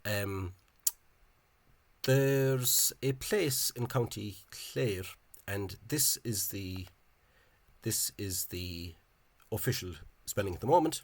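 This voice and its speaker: A man's voice: fairly low pitch, takes it slowly, dry recording. A man giving an informal, digressive explanation in a video, thinking aloud in a scholarly way. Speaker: Irish-language spelling enthusiast.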